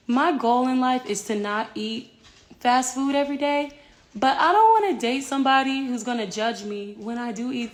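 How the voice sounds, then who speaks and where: A woman in her thirties talks casually to camera in her own home. She speaks slowly in a somewhat high voice. She rambles candidly and swears freely. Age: 30s. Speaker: singer filming herself at home. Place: home with a yard.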